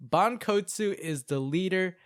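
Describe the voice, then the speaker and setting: A man's voice: high-pitched, clear, resonant tone. Chatty young man recapping anime. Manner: chatty storyteller, many "like"s and quick asides. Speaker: podcast co-host. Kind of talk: casual anime recap chat.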